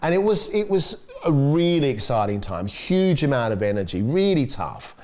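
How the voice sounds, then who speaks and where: An Australian man in middle age, talking as a podcast guest. He tells stories with energy and mimics other people in sudden high voices. His voice sits at an ordinary pitch for a man. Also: normal speed. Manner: animated storyteller, acts out quotes with big pitch jumps. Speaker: chef guest. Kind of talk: casual podcast chat.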